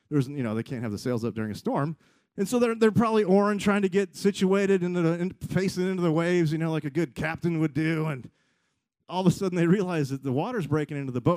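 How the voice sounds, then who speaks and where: A man's voice: fairly high pitch, darkish tone, no echo. A man preaching a casual sermon in a loose, rambling, conversational way, breaking off mid-sentence and acting out quoted voices. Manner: conversational, rambling, self-interrupting, acts out quotes. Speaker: pastor.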